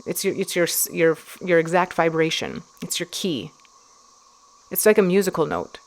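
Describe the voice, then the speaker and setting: A woman's voice: lowish voice, animated, moderate pace. A woman hosting her own podcast, talking alone in a chatty, rambling way with many fillers and restarts. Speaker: podcast host. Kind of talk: casual solo podcast talk.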